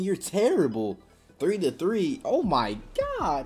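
Casting: young woman gamer host, very low voice, wildly swinging delivery, excitable trash talk over faint music. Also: a little slow. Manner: excitable trash talk, sudden yelps and shouts. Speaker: gaming channel host. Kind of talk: live gameplay commentary.

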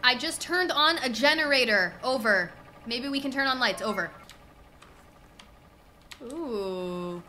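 Bright, lively young woman streamer. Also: a little high, takes it slowly, pauses often, a little hiss or hum. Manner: excitable, easily spooked, laughs often. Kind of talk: casual gameplay chat.

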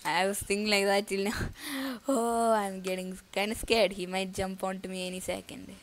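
A woman's voice: medium pitch, steady tone, normal speed. A woman giving casual live commentary on her own gameplay. She thinks aloud and breaks into nervous outbursts. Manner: casual slangy talk to viewers. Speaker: gaming YouTuber.

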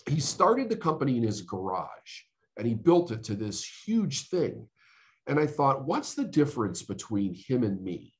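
A middle-aged man, a podcast guest, telling his life story in an earnest, emotional way with dramatic pauses. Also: mid-range voice, sing-song. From United States. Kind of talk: storytelling interview.

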